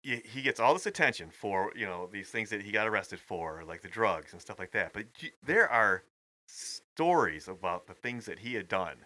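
A man co-hosting a casual podcast, talking in a rapid, animated way with loose swearing. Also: on the low side, dry recording. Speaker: podcast co-host.

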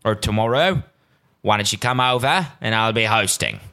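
A man's voice: fairly low pitch, lively intonation, normal speed, sharp tone, smooth. A man putting on a clumsy Australian accent to voice a laid-back young male friend. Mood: breezy. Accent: put-on Australian, done badly.

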